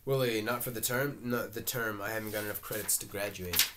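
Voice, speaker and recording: A man reading a stage play aloud, voicing every part himself and reading out the stage directions, with some halting restarts. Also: on the low side, very noisy. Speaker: reader. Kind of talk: amateur reading of a play, all parts.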